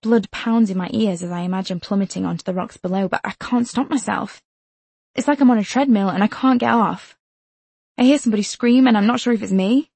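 A woman narrates a first-person novel in a measured, tense way. Her voice is gravelly and husky, with a warm, dark tone. The recording is dry and close, with no room sound. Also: mid-range voice, no echo. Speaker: audiobook narrator.

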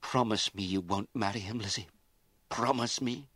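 A man's voice: fairly low pitch, moderate pace, a bit bright, breathy edge, no echo, pitched above the performer's own voice. A man reading an audiobook, voicing a middle-aged aristocratic mother who scolds and wails and rises to fury. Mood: bitter. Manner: wailing, scolding, rising to fury.

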